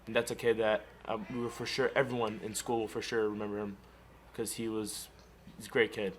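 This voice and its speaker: A man giving a short interview comment with halting speech and many fillers. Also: lowish voice, flat delivery, slight background noise.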